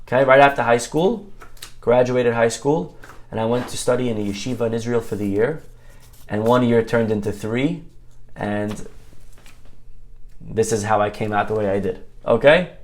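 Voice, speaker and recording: A rabbi preaching to his listeners, a man from Brooklyn. He tells stories with energy, acting out each exchange and checking in with quick asides to the room. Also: medium pitch. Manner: animated storyteller, acts out dialogue, many "okay?" asides. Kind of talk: sermon with storytelling.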